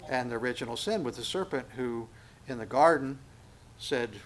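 A middle-aged man preaching a sermon as pastor, acting out quotes and asides in an animated way. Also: mid-range voice, moderate pace. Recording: faint background noise.

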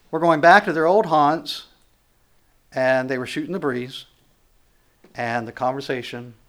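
A pastor in full sermon mode, talking to his congregation in a loose, conversational way. His voice sits a little high for a man, and he acts out little quoted exchanges before pushing up into loud, emphatic stretches.

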